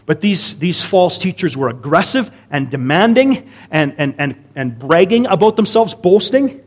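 A man preaching a conversational sermon, lively, with rhetorical questions and casual asides. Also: medium pitch, normal speed, husky.

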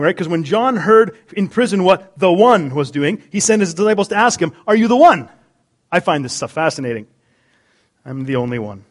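A middle-aged man delivers a sermon in a high voice that leaps up and down in pitch. He jokes with his listeners and moves between loud emphasis and quiet asides. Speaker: pastor.

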